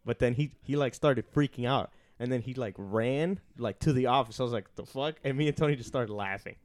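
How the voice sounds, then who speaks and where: A young man co-hosting a casual podcast, telling profane, animated stories and acting out the dialogue. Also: medium pitch, brisk. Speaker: podcast co-host. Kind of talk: casual storytelling chat.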